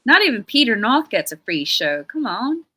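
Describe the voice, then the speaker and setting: A woman's voice: on the high side, sing-song, moderate pace, bright, forceful tone, poor audio. A woman from Australia hosting a casual live stream, chatty and full of rambling anecdotes. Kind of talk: casual chat.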